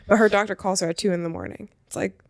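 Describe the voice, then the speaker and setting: A young woman chatting as a podcast guest, talking in quick bursts with lots of filler words. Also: medium pitch, steady tone, vocal fry, dry recording, clean studio sound. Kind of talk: casual chat.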